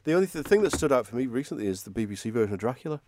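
A man's voice: medium pitch, very animated, racing, darkish tone, a little hiss or hum. A young man co-hosting a casual podcast about films and TV, rambling with lots of ums and easy laughs.

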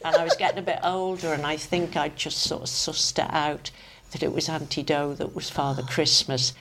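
An older woman with a Manx accent reminisces in a low voice with a gravelly edge. She is a lively storyteller who laughs often and acts out the voices of the people in her tales. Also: normal speed, a little hiss or hum. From Isle of Man. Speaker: interviewee. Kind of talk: reminiscing conversation.

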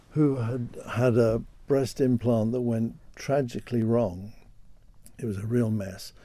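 Dark-voiced hesitant older man. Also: mid-range voice, dry recording. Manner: hesitant, repeats words when starting. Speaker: interview guest, solicitor. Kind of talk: conversational radio interview.

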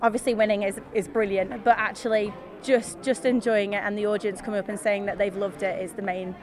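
A woman's voice: mid-range voice, level tone, a little fast, a little mellow. A woman who is a teacher, talking enthusiastically about a concert she performed in. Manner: bubbly, enthusiastic, laughs often. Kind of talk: casual chat.

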